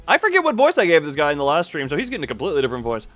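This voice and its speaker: Lively joking male game streamer. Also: on the high side, very fast, soft background music. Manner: joking, rambling, lively reactions to chat. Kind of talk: casual live-stream chat.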